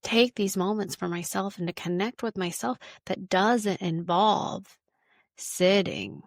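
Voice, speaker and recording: A woman's voice: medium pitch, gravelly, no room sound, studio quality. A woman hosting a wellness podcast, talking casually and informally and repeating words for emphasis.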